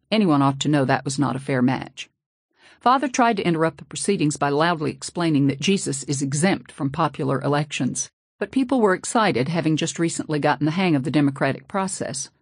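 A woman narrating a novel in the first person, steady and low-key, close to the mic. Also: no room sound. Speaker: audiobook narrator. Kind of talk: audiobook narration.

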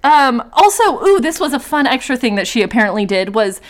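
A woman's voice: on the high side, very animated, fairly quick. A young woman co-hosting a podcast, telling a story in casual chat, swearing freely and laughing often. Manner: chatty, swears freely, laughs often, drifts into silly put-on voices.

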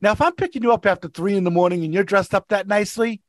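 Here the podcast regular's voice is high-pitched and he talks fast, with no room sound in the recording. His rideshare stories come out in relaxed conversation, animated and full of impressions of the people involved.

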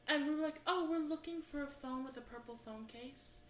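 A woman co-hosting a comedy podcast, telling stories in an animated, profane way and acting out the voices of people in them. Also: sits high, fairly quick. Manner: animated, swears constantly, acts out voices. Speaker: podcast co-host. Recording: roomy echo with faint background hiss.

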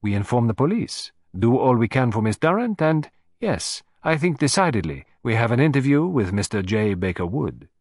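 A man's voice: medium pitch, big pitch swings, darkish tone, dry recording. A man putting on Hercule Poirot, precise and ironic. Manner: precise, measured, lightly ironic. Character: fussy, precise male Belgian detective, middle-aged.

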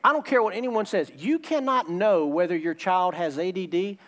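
High-pitched male pastor, emphatic sermon, repeats key lines. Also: moderate pace, a bit bright.

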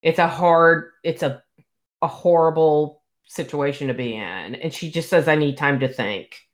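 A woman's voice: deep voice, a little slow. A woman casually discussing a book with a co-host, retelling scenes and acting out the characters' lines.

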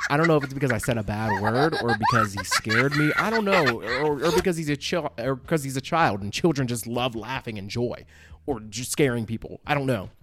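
A man hosting a podcast, telling a casual story in a rambling, animated way, full of fillers and checks like "all right?". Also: medium pitch. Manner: animated, exaggerated retelling. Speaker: podcast host.

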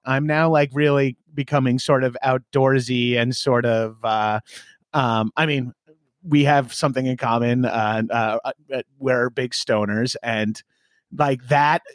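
A man's voice: medium pitch, unhurried, no echo, clean studio sound. A comedian in his late thirties from Long Island, rambling and joking in a casual podcast chat and acting out quoted voices with laughs. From Long Island, New York. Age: 30s. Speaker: comedian guest.

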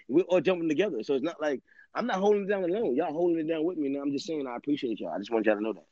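Fast-talking profane man, lo-fi. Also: a little high, animated, warm tone, dry recording. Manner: rambling, profane, street slang. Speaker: live stream host. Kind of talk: casual live-stream monologue. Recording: dull lo-fi dry audio.

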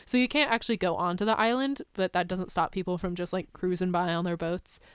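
Smooth-voiced young woman telling ghost stories. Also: fairly low pitch, fairly quick, no echo, clean studio sound. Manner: giggly, animated storyteller. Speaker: podcast co-host. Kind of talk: casual storytelling chat.

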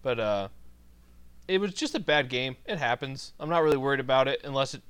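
A man co-hosting a podcast, chatting casually about sports with a relaxed, filler-heavy way of talking. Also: mid-range voice, fairly quick, clean tone, dry recording. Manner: laid-back, lots of "like" fillers. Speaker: podcast co-host.

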